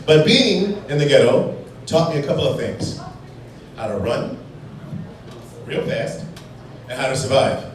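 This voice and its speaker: A wry man from Chicago does stand-up in a busy bar, his speech rising and falling in animated swings. He sounds far from the mic, in a very echoey room over clear crowd noise. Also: mid-range voice. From Chicago, USA. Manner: wry, playful, quick jumps into put-on voices. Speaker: stand-up comedian. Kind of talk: stand-up comedy set. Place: bar stage in a brew pub. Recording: distant, echoey, noisy live bar recording. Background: audience laughter and bar noise.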